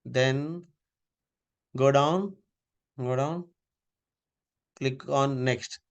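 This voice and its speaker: A man's voice: medium pitch, extremely slow, dull audio. A man teaching a live online class over a video call, giving repeated step-by-step instructions.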